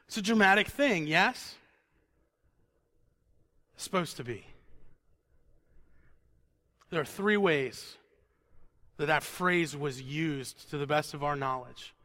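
Man, sermon, fairly high and bright voice, conversational, repeats words, turns quiet and intense. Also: slow, pauses often. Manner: drops to a quiet intense tone on solemn points. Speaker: preacher.

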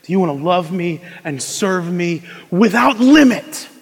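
A young man preaching a sermon, moving between hushed intensity and loud, emphatic delivery. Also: high-pitched, animated, measured pace, gravelly, breathy edge. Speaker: pastor. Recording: long reverb of a large hall.

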